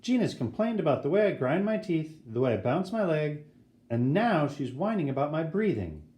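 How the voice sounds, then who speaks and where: A man voicing a brash, excitable schoolboy who talks in indignant, dramatic bursts. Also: on the high side, normal speed. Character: brash, excitable eleven-year-old boy. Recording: roomy echo.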